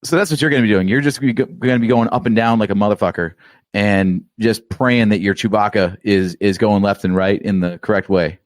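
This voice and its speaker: A man's voice: on the low side, steady tone, fairly quick, dry recording, clean studio sound. A man co-hosting a casual podcast chat, chiming in with wry, teasing remarks. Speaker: podcast co-host.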